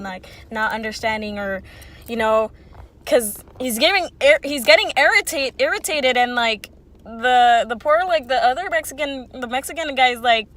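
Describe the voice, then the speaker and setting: A woman's voice: fairly high pitch, fairly bright tone. A woman in her twenties telling a casual storytime, rambling and swearing freely with lots of "like". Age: 20s. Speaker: vlogger.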